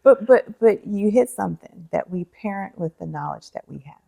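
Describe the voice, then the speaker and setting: A woman's voice: mid-range voice, lively intonation, moderate pace, gravelly, warm tone, slightly rough. A woman guest, a counselor and author, talking casually and affirming often. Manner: affirming, frequent agreeing interjections. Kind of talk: casual conversation.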